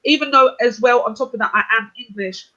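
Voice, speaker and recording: A high, bright-toned man who grew up in Scotland argues his case on an online panel. He presses point after point and keeps asking if the other side follows him. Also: fast talker, dull audio. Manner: insistent, arguing point by point. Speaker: panel guest. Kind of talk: heated online panel debate.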